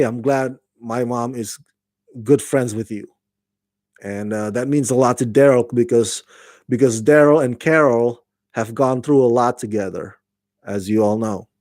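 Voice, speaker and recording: A man giving a casual spoken TV review, halting with many fillers and restarts. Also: mid-range voice, a little mellow, no echo, clean studio sound. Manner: acts out quoted lines in a raised voice.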